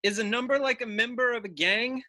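A man's voice: very high-pitched, fairly quick, pushed and bright. A man co-hosting a movie podcast in casual, playful and self-deprecating chat. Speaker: podcast co-host.

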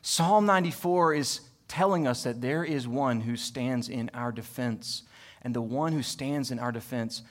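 A pastor with a medium-pitched voice preaches a sermon, repeating phrases emphatically as he builds to loud peaks and then drops back to softness. He weaves in homely stories about family.

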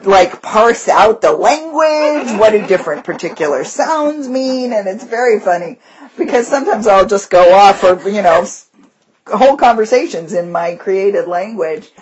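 Speaking at normal speed with a mid-range voice, a woman teacher talks about her classroom as a podcast co-host, with slight background noise present. The chat is casual and animated, and she slips into voices while telling her stories.

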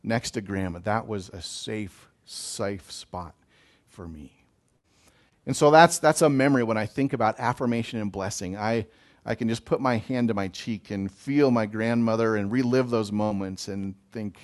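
Gentle man giving a pastoral blessing. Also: on the low side, moderate pace. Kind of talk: reflective spiritual talk.

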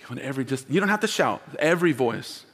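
A man's voice: medium pitch, animated, fast talker, fairly bright tone. A man preaching a sermon as pastor, emphatic, leading the congregation in call-and-response. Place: church auditorium. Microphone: wearing a mic. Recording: long hall reverb.

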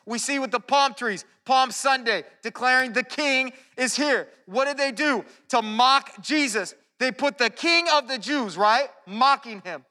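A man preaching a sermon, earnest and animated, often restarting his phrases. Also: extremely high pitch, a little slow, few pauses. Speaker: pastor. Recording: long hall reverb.

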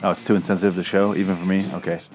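A man's voice: sits low, little pitch movement, racing, darkish tone, faint music behind. A man giving rambling, crude, sarcastic commentary while watching a movie. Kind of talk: casual profane movie commentary. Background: movie audio playing.

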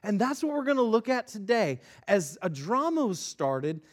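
A middle-aged man, a pastor, preaching a sermon in a church and telling family stories with animated delivery. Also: sits high, normal speed. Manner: animated storyteller, acting out his kids and himself. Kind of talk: sermon with personal storytelling. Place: church sanctuary.

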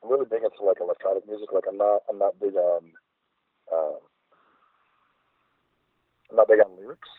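Low-voiced man on a tinny phone line. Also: fairly even intonation, moderate pace, pauses often, husky, no echo. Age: middle-aged. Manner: reflective, rambling with many fillers. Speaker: guest artist. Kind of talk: casual interview chat.

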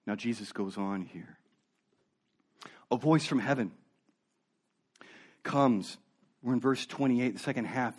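A man preaching a sermon as a pastor, earnest, dropping low and soft for emphasis and often repeating words as he searches for them. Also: slow, long pauses, breathy edge.

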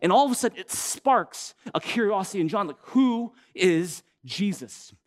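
A man with a notably high-pitched voice preaches a sermon as a pastor. He talks in a casual, animated way, telling the story and firing off rhetorical questions to his listeners. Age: adult with an older son.

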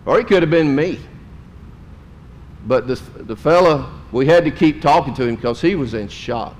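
A man's voice: a little high, expressive, moderate pace, darkish tone. A middle-aged man, a pastor telling a story in a sermon in a folksy, emotional way. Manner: folksy, emotional storytelling with drawled Southern phrases.

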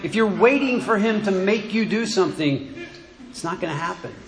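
A man preaching a sermon in church, halting and repeating words as he goes. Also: high-pitched, animated. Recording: echoey room.

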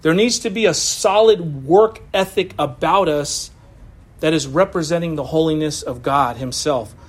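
A man with a high voice preaches a sermon, shifting between steady teaching and chatty asides to his listeners. He talks like he is among friends and laughs easily, and he comes through a video call. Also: normal speed. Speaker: pastor.

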